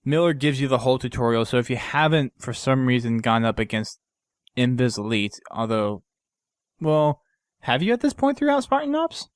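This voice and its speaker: A man's voice: medium pitch, very animated, moderate pace, smooth, no room sound. A man hosting a podcast, casually recapping a game mission in a rambling way with lots of fillers and restarts. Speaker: podcast host.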